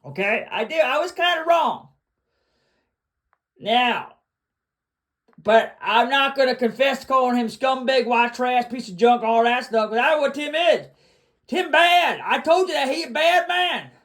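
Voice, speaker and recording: Man, high voice, livestream host, boastful rant, repetitive, shouts often. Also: lively intonation, unhurried.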